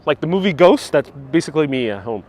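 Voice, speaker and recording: A man's voice: fairly high pitch, darkish tone. A man hosting a casual live-stream walking tour outdoors on city streets, chatting away and reading out viewer comments with frequent laughs. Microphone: wireless clip-on mic with phone on gimbal.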